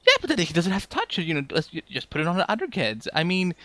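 A man's voice: sits high, wildly swooping pitch, fast talker, bright, forceful tone, no echo. A man co-hosting a podcast, chatting casually about a TV episode, joking and rambling and trailing off with asides. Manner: rambling, joking, trails off with "I'm just saying". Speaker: podcast co-host. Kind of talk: casual fan review chat.

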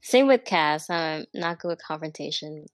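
A young woman in casual chat, speaking hesitantly with halting starts. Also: low-pitched, animated, no echo. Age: young adult. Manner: hesitant, halting, lots of fillers.

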